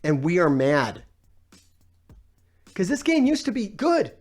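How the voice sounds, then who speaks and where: A man's voice: sits high, huge pitch swings, slow, faint music behind. A man ranting on a gaming live stream, exasperated and sarcastic, swearing often while he reads out comments.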